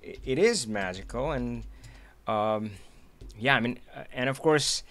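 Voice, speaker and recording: A man hosting a live stream, chatting casually with an animated manner, laughing often and restarting his sentences. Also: mid-range voice, a little slow. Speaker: livestream host.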